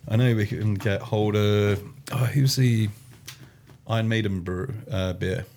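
A man's voice: on the low side, fairly even intonation, measured pace, darkish tone, slight background noise. A man from Cornwall with a Cornish English accent, chatting casually over beer and laughing often. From Cornwall, England.

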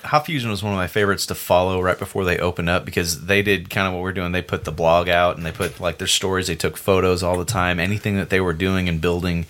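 A man hosting a casual beer-tasting podcast, jokey and animated when telling stories. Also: low-pitched, fast, hardly any pauses.

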